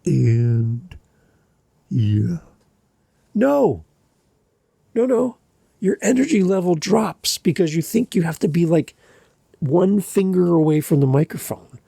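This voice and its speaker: Lively, gravelly man ranting about mic habits. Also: fairly high pitch, slow, pauses often, dry recording, clean studio sound. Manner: energetic, exasperated, lively teaching. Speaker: podcast host. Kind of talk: podcast advice monologue. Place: home basement. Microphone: studio mic, a bit back from it.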